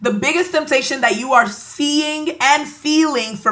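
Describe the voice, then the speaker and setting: A woman with a Nigerian accent delivers a motivational podcast monologue in a bright, forceful, slightly high voice. She talks emphatically and preaches at her listeners, repeating words for punch. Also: unhurried. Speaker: podcast host.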